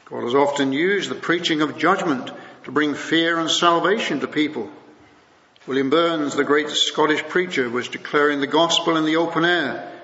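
A man preaching a sermon, his voice a little higher than most men's. He speaks in a measured way and slows down for scripture. The sound is dull and muffled, with a long echo from a large hall. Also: sharp tone. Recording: muffled recording in a big echoing hall.

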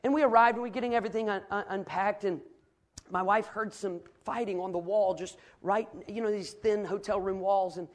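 A middle-aged man, preaching a sermon that moves from quiet storytelling to fervent, loud preaching. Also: sits high, fairly even intonation, fairly quick.

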